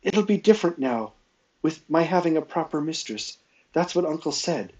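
A man's voice: a little high, lively intonation, normal speed, pitched above the performer's own voice, close to an everyday voice, low-quality recording. A man doing a timid, pleading young maid. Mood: scared. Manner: nervous, pleading and soft. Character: timid, meek young maidservant girl.

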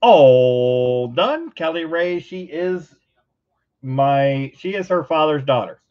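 A man hosting a livestream coin auction, chanting bids in a quick rhythmic auctioneer patter and bantering playfully between calls. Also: on the high side, muffled recording. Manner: rapid rhythmic bid calling, playful teasing. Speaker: host auctioning coins on a livestream.

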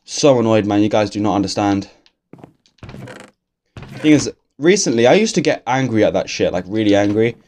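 A man's voice: lowish voice, expressive, moderate pace, long pauses, darkish tone, slight background noise. A young man, talking through a game in a casual, swear-filled, grumbling ramble. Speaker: gaming YouTuber. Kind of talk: casual let's-play commentary.

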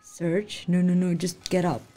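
A woman's voice: lowish voice, flat delivery, a little slow, heavy background noise. A woman hosting a casual let's-play, reacting to the game in a gushing, emotional way, talking into a desk microphone. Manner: gushing, emotional, easily delighted. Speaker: gaming channel host.

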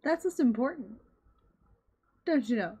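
A woman's voice: fairly high pitch, lively intonation, measured pace, warm tone, husky. A woman live-streaming a game, greeting her chat in a bubbly, squealing way.

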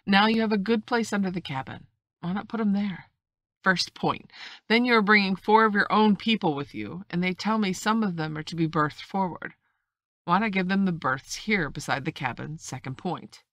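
A woman's voice: medium pitch, moderate pace, fairly bright tone, dry recording, pitched above the performer's own voice, close to an everyday voice. A woman reading a novel aloud, voicing a stern, blunt male ship's captain who speaks in a clipped, firm and formal way. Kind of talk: audiobook reading.

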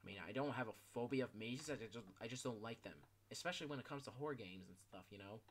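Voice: mid-range voice, fast talker. A fourteen-year-old gaming YouTuber giving casual gameplay commentary, rambling with lots of fillers and casual swearing.

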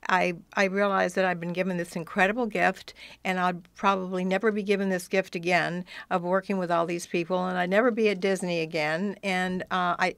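Self-deprecating older actress in a dry studio. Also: female voice, medium pitch, no room sound. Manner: animated storyteller, self-deprecating. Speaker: actress, guest. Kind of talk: radio interview. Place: radio studio.

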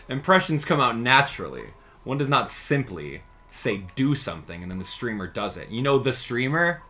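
A man's voice: mid-range voice, big pitch swings, bright, forceful tone. A young man streaming a video game, teasing his chat and commenting casually as he plays. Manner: joking, teasing chat, quick mood swings. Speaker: gaming streamer.

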